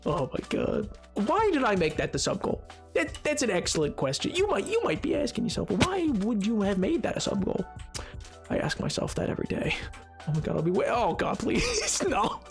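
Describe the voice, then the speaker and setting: A man's voice: high-pitched, huge pitch swings, brisk, creaky, soft background music. A man streaming a game live, chatting casually with his viewers in a rambling way and laughing often.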